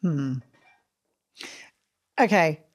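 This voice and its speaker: A middle-aged woman, co-hosting a podcast with her son and quick to exclaim. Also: sits low, animated, slightly rough. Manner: exclaiming, easily shocked. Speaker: co-host, the host's mother. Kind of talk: casual chat.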